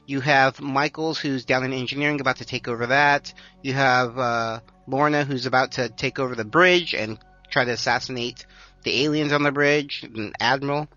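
Bright-voiced man recapping eagerly. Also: mid-range voice, fairly even intonation, moderate pace, no echo, faint music behind. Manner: explains at length, laughs easily. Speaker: podcast co-host. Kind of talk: casual chat. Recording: dry, slightly dull lo-fi sound.

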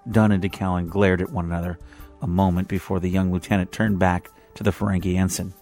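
Derin sesli erkek anlatıcı. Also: male voice, low voice, level tone, fast talker, a little mellow, faint music behind. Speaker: narrator. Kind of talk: reading fan fiction aloud.

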